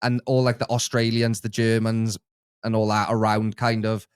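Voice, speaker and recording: A man's voice: on the low side, level tone, moderate pace, clean tone, no room sound, studio quality. A man co-hosting a casual chat, easygoing and hesitant, often restarting his sentences. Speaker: co-host, the host's editor.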